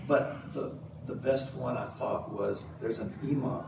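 A soft-spoken man joining a casual chat as a guest. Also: medium pitch, steady tone, a little slow, gravelly, echoey room. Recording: noisy background ambience.

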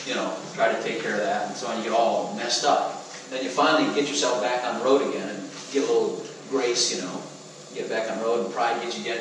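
A man preaching a sermon in a lively, conversational way, often asking the congregation questions. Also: medium pitch. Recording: echoey hall from far off, noisy.

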